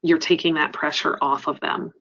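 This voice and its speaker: Woman trainer, earnest webinar presenter, lowish voice, dull lo-fi audio. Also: flat delivery, moderate pace, a bit bright. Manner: earnest, explanatory, frequent ums. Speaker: crisis center trainer.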